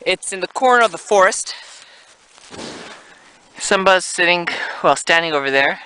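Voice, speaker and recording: A man's voice: high-pitched, lively intonation, normal speed, pushed and bright, smooth, poor audio. A man from Canada narrating a casual outdoor vlog in a snowy forest, talking through each task and marveling at the scenery. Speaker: vlogger.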